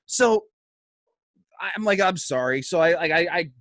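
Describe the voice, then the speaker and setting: A man's voice: fairly high pitch, fast, dry recording, studio quality. A man telling a story on a casual podcast, swearing freely and acting out the quotes of the people in it. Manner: animated, swearing, acts out quotes. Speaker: podcast guest.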